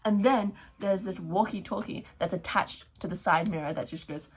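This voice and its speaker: Husky, chatty young woman vlogger. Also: mid-range voice, moderate pace. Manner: chatty and excitable, full of "like" fillers. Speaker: book vlogger. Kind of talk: casual reading wrap-up chat. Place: at home, neighbour's garden noise outside.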